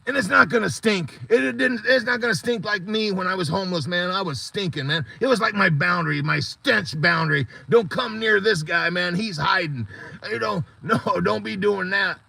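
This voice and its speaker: Gravelly, bright-voiced man rambling on a live stream. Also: high voice, normal speed, dry recording. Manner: earnest, motivational, rambling. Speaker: support group host.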